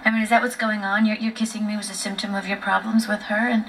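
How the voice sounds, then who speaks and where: A woman's voice: mid-range voice, level tone, fast talker, a bit bright, slight background noise, natural voice. An actress playing a hesitant woman questioning her partner in a clip from a show. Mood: uncertain. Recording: distant clip with faint ambience.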